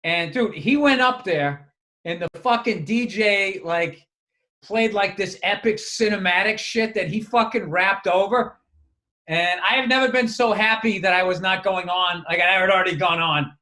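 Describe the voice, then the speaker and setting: A man with a fairly high voice, talking loosely on a podcast mic. He circles around his point with restarts and casual swearing. He sounds relaxed and conversational. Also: moderate pace. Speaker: comedian and podcast co-host. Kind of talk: casual chat.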